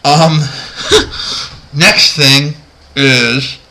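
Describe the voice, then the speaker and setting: A man's voice: on the high side, steady tone, very slow, sharp tone, poor audio. A man vlogging a casual, rambling and amused commentary that counts down his favorite movie moments. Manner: chatty, rambling, amused, many fillers.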